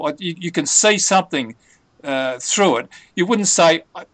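Man explaining patiently, halting, dry close sound. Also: fairly high pitch, expressive, a bit bright, dry recording. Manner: hesitant, many fillers and restarts, patient explaining. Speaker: English tutor. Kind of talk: conversational language lesson.

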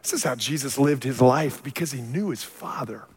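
A man preaching a sermon as a pastor, telling stories with animated swings from quiet, low passages to loud shouted peaks. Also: moderate pace, a little hiss or hum. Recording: long hall reverb.

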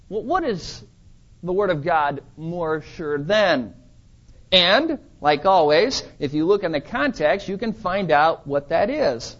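A man with a high voice preaches an expository sermon. He guides his congregation through a Scripture passage verse by verse. The recording sounds muffled and lo-fi. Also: big pitch swings, slow pace, a bit bright. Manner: expository, walks listeners through a Bible text verse by verse. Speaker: pastor.

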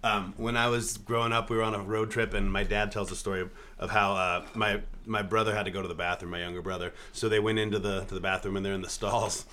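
Easygoing male co-host with a bright voice; faint background noise. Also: on the low side, level tone, fast, few pauses. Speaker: podcast co-host. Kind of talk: casual chat.

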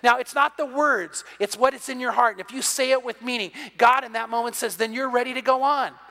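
An older man preaching a sermon as pastor, animated and acting out little conversations, often repeating words as he restarts. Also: very high-pitched, a little fast. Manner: animated, acts out dialogue in quotes, repeats words when restarting. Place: church sanctuary. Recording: long hall reverb.

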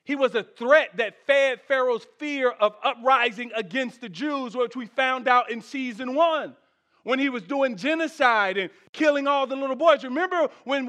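A man pastor preaching a sermon at a church service, animated, with shouted peaks, soft asides and humorous chat with the congregation. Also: extremely high pitch, normal speed.

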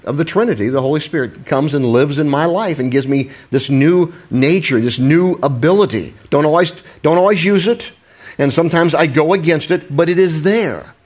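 A man's voice: fairly high pitch, moderate pace, a little mellow. Conversational male pastor preaching. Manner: conversational, self-deprecating, frequent restarts. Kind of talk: sermon.

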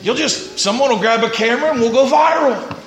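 A man preaching a sermon as pastor, moving from quiet storytelling to loud shouted exclamations. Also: very high voice, brisk, vocal fry, crowd noise. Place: church sanctuary. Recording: echoey church room.

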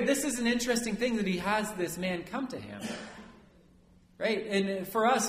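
Lively priest preaching in an echoey church. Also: male voice, on the high side, a little hiss or hum. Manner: lively, conversational, keeps asking "right?". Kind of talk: sermon.

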